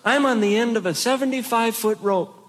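A man doing a stand-up comedy routine on stage, telling animated stories to the audience and asking them questions. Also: a little fast, slight background noise. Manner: animated storytelling, mimics others with shouted high voices. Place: stage before a live audience.

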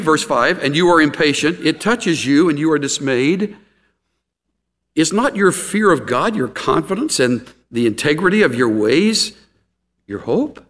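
A middle-aged man preaching a sermon, animated, acting out quotes with gasps and laughs. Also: fairly high pitch, big-room sound. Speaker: pastor.

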